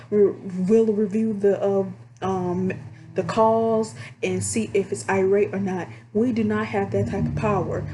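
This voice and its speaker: A woman casually telling stories about her phone job to her viewers, chatty and animated. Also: medium pitch, slight background noise. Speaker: vlogger telling call-center stories. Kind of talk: casual storytelling to camera.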